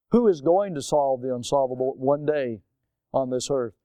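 A man's voice: medium pitch, moderate pace, mellow, clean tone, dry recording, clean studio sound. A male pastor preaching a sermon, posing rhetorical questions and repeating key words for emphasis, then leading a prayer. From United States.

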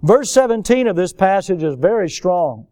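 A male pastor preaching a sermon, swinging between loud emphatic outbursts and low, quiet asides. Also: normal speed, dry recording, studio quality. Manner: animated, swings from loud high exclamations to low quiet remarks.

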